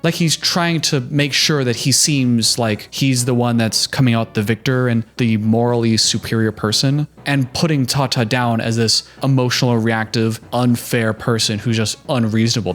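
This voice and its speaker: A young man hosts a reaction video, delivering a heated, sarcastic recap of a TV show and mocking the voices he quotes. His voice is medium-pitched and fairly bright, moving at a moderate pace with few pauses.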